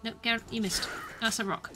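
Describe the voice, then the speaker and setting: A woman's voice: a little high, steady tone, brisk, noisy background. A woman streamer giving playful, chatty commentary while playing a game, often breaking into exclamations. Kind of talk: casual gameplay commentary.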